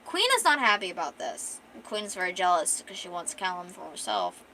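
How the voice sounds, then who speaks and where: A woman's voice: fairly low pitch, sing-song, fairly quick, pushed and bright, a little hiss or hum, poor audio. Rambling woman streamer telling a story. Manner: rambling, with restarts and casual swearing. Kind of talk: casual storytelling chat.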